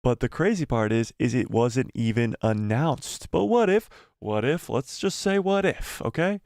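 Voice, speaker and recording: A man hosting a live stream, talking in an animated way and repeating phrases as he builds theories. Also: mid-range voice, a little slow, no echo, clean studio sound. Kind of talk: casual live-stream commentary.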